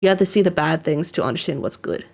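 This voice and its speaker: A woman's voice: low voice, animated, fast talker, vocal fry, a little mellow, slightly rough. A woman giving casual reaction commentary on an anime episode, rambling with lots of fillers and restarts. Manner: rambling, lots of "like" and restarts, chuckles while describing scenes.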